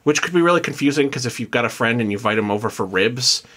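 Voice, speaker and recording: A man co-hosts a podcast in a mid-range, fairly bright voice, talking fast and expressively. He chats loosely and reads from notes, full of fillers and restarts.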